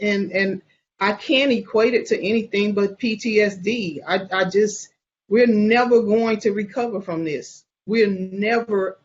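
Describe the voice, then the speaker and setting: Earnest woman, halting repeated phrases. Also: medium pitch, dull audio, a little hiss or hum. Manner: earnest, repetitive, halting restarts. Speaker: bereaved mother interviewee. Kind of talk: emotional interview testimony.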